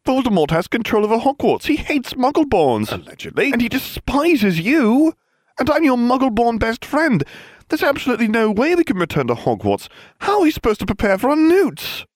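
A man voicing a studious, anxious teenage girl in a storybook reading, high and indignant. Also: huge pitch swings, fairly quick, creaky, few pauses, slightly rough, dry recording, clean studio sound, heavily acted.

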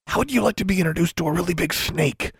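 A man's voice: on the high side, lively intonation, measured pace, vocal fry, sharp tone, dry recording, studio quality, pitched above the performer's own voice, exaggerated voice. A man voicing a rude, foul-mouthed female magical creature who snaps insults. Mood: snapping. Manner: snapping, insulting.

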